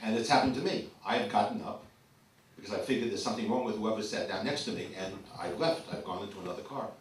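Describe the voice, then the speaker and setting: A man's voice: lowish voice, fast, slight background noise. A man who spent decades as a teacher and supervisor, chatting casually from the floor at a community event and telling anecdotes. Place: community hall. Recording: echoey hall, mic from far off.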